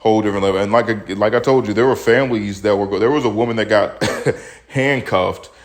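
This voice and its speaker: A young podcast host, a little out of breath, rants bluntly about the news with plenty of profanity in his casual opinion show. His voice sits at a fairly low pitch and he keeps a moderate pace.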